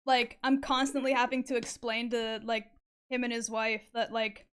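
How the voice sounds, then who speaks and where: A woman's voice: on the high side, level tone, normal speed, a bit bright, clean tone. A young woman chatting casually while drawing on stream, full of fillers, swearing and frequent laughter. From Canada.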